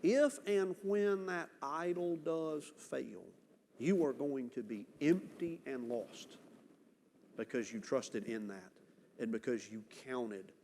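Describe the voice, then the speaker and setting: Emphatic preacher in a reverberant church. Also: male voice, mid-range voice, warm tone, slight background noise. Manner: earnest, emphatic preaching with dramatic pauses. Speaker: pastor. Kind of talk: sermon. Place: church sanctuary. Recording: church hall reverb, faint ambience.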